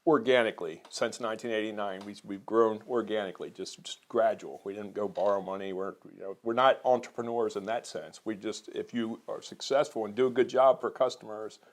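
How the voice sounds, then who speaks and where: A business co-owner from Maryland talking earnestly as an interview guest, measured and a little halting. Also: male voice, lowish voice, fairly even intonation. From Maryland, USA. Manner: measured, earnest, repeats words when restarting. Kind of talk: conversational interview.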